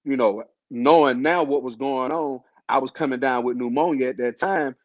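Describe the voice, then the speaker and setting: On a dull, lo-fi recording with no room sound, a man speaks at a moderate pace in a medium pitch. He's a host sharing the story of his illness, casual and slangy and packed with fillers.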